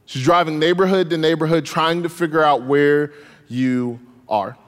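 A man's voice: fairly high pitch, steady tone, normal speed, lightly acted. Brief: man playing a smug older sister, matter-of-fact and gloating; long hall echo.

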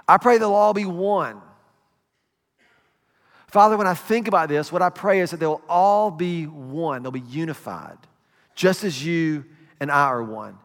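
High-voiced male pastor in a reverberant hall. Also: fairly bright tone. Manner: conversational, asks the congregation questions. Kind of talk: sermon.

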